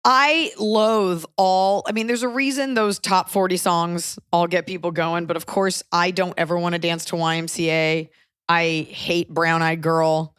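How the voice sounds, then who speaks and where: A woman's voice: fairly low pitch, level tone, a little slow, fairly bright tone, clean tone, no room sound, clean studio sound. A woman in her thirties hosting a casual podcast, telling rambling stories in a wry way. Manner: wry, rambling storytelling with put-on voices. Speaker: comedian and podcast host.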